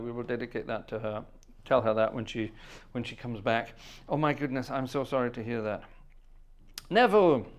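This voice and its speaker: A middle-aged man hosting a live stream, greeting viewers one by one in a chatty, playful way with friendly asides. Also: medium pitch. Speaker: livestream host and organist.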